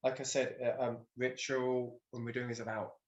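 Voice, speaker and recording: A man's voice: medium pitch, little pitch movement, normal speed, lo-fi sound, background noise. A man, a guest on a video call, explaining in a matter-of-fact, lecturing way. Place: video call from rural home.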